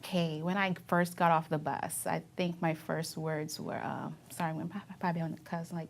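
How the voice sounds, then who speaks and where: A woman's voice: on the low side, fairly even intonation, a little fast, creaky, a little mellow. A young adult woman and Navy veteran being interviewed, telling her memories casually and candidly, laughing often as she talks.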